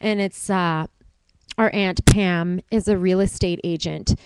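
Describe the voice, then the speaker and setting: A woman co-hosting a casual chat, telling animated stories and breaking into silly voices. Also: on the low side, unhurried, clear, resonant tone, rough recording. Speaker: podcast co-host.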